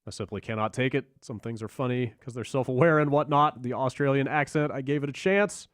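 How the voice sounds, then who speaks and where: A man's voice: medium pitch, brisk, no room sound, studio quality. A man hosting a podcast and reading listener emails aloud in a wry way. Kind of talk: casual chat.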